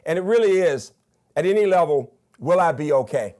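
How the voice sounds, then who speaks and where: A man's voice: fairly high pitch, animated, normal speed, warm tone. Older Southern man giving an emphatic commencement address. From Birmingham, Alabama. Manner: emphatic, enthusiastic, counts off points. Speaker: commencement speaker, university president.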